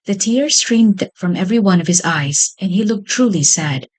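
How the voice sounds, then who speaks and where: A woman storyteller reads a children's tale aloud, her pitch sitting in a middle range. She keeps a gentle, even pace that is suited to bedtime listening. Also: moderate pace, rough recording.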